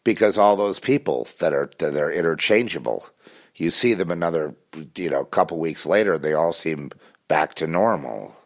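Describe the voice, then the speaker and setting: A man's voice: a bass voice, animated, moderate pace. A man talking intensely in a rambling spiritual monologue, full of restarts and fillers.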